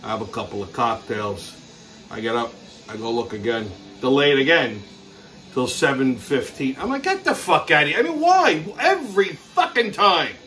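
A man's voice: mid-range voice, big pitch swings, moderate pace, a bit bright. A man hosting his own show, ranting crudely and swearing nonstop in an exasperated comedic way. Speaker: podcast host. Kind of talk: profane comedic rant.

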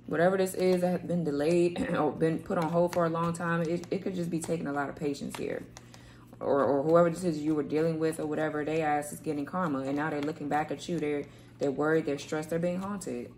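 A woman's voice: deep voice, fairly even intonation, a little fast, darkish tone, a little hiss or hum. A woman reading tarot cards to camera in a loose, rambling way, repeating words and swearing casually. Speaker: tarot reader. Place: home room, kids heard playing outside.

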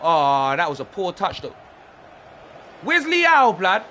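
A young man, commentating on his own football video game with excitable shouts and lots of slang. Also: high-pitched, slow. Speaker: gaming streamer.

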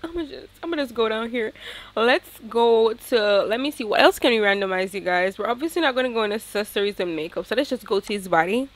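A woman giving chatty, excitable commentary to her viewers as she plays a life-sim game, a gaming YouTuber talking casually to her audience. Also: on the high side, a little fast.

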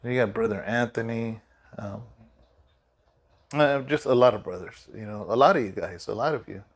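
A man's voice: medium pitch, normal speed. A middle-aged man, a pastor, giving a casual devotional talk in a loose, rambling way with many fillers and restarts, sleepy and yawning.

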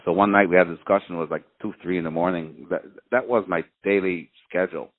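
A man's voice: deep voice, steady tone. Grieving man on a narrow phone-like line. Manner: halting, searching for words, soft-spoken. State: grieving, voice close to breaking. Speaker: bereaved father, interview guest. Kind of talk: emotional personal testimony.

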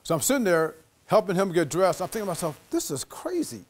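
A man giving a lecture as an animated storyteller, acting out the voices of the people in his anecdote. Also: high voice, quick pace. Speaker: guest lecturer.

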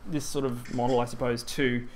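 Speaking at normal speed in a darkish, mid-range voice that barely shifts in pitch, a man presents on Japanese grammar in a conference hall. His step-by-step explanation is full of ums and restarts.

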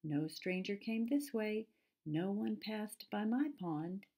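A woman's voice: medium pitch, slow pace, mellow, voice pushed up. A woman voicing a munching storybook muskrat who speaks in a plain, matter-of-fact way. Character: busy muskrat who eats steadily.

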